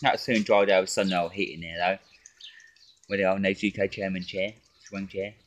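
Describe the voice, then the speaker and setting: Guy swearing away in his garden, lowish voice, bit of faint noise behind. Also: flat delivery, moderate pace. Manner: sweary, ranting, taunting. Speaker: drinking vlogger. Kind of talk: casual ranting vlog.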